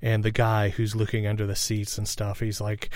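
A man's voice: on the low side, monotone, no room sound, studio quality. A man preaching a sermon in a conversational, reflective way, sharing a personal story and often checking in with "all right?". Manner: reflective, meditative pauses.

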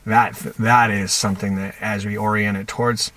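A man's voice: fairly low pitch, flat delivery, moderate pace, fairly bright tone. A man on a podcast, a counselor talking reflectively and telling stories about his clients in quoted dialogue. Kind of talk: conversational podcast talk.

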